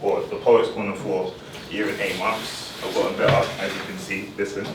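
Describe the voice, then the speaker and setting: A man's voice: low voice, level tone, moderate pace. A man hosting a poetry night, joking with the audience and leading call-and-response chants. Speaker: host. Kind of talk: hyping up a poetry night crowd. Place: live venue with audience. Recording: echoey room from far off, loud crowd and noise.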